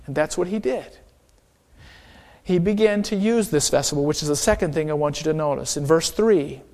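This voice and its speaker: A man's voice: sits high, a little mellow. A male pastor preaching an emphatic sermon and calling out for an amen.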